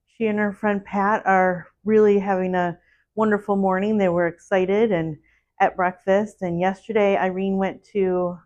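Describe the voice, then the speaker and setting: A woman's voice: medium pitch, flat delivery, measured pace, a little mellow. A woman talks casually through a solo live stream from her quilt shop, greeting viewers one by one. Her voice sits mid-range. The audio is dull and lo-fi. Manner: chatty, greets viewers by name. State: a little out of breath. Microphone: solo live stream setup.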